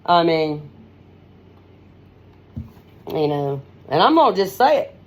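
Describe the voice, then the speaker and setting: A woman's voice: sits low, sing-song, slow pace, a little mellow. Blunt, rambling middle-aged woman. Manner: blunt, outspoken, rambling, calls listeners honey and man. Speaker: host. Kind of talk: casual unscripted monologue. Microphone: own device mic, no headset.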